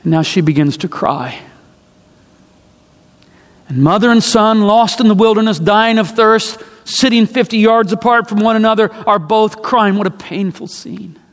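A man's voice: sits high, moderate pace, in a large hall. A man preaching a sermon, retelling a story dramatically with emphatic repetition.

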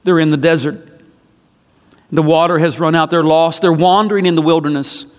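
A man's voice: a little high, fairly even intonation, moderate pace, in a large hall. A man preaching a sermon, retelling a story dramatically with emphatic repetition.

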